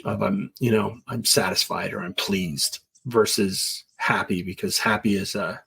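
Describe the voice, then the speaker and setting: A man's voice: fairly low pitch, steady tone, a little slow, gravelly, fairly bright tone, husky. A middle-aged man as an interview guest, talking in an earnest, rambling way and now and then acting out quoted voices. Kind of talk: casual conversation.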